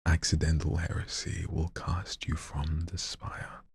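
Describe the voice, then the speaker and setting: With a deep, husky, breathy voice, a host reads listener poems softly at an unhurried pace and with little pitch movement. Between readings on this live show, he offers casual, slang-filled commentary.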